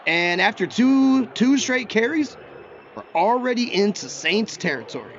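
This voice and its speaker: A man with a fairly high voice chats his way through a football video game, talking to himself and reacting to each play with quick bursts of excitement. The audio is a little dull, with a faint hum behind him. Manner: chatty, excitable, talks to himself while he plays. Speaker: gaming YouTuber. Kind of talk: live gameplay commentary.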